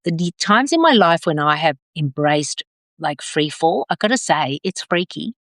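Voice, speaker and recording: A middle-aged woman leading a live video circle, gentle and affirming, drawing out her phrases as she reads out comments. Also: low-pitched, big pitch swings, moderate pace, no echo, studio quality. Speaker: circle facilitator.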